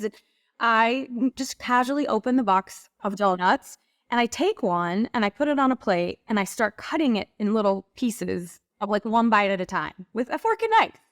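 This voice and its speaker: A middle-aged woman, a guest on a talk show, telling personal stories in an animated way and acting out what people said. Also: medium pitch, moderate pace, dry recording, studio quality. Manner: animated, acts out quoted voices. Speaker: guest, women's group leader. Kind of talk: conversational storytelling.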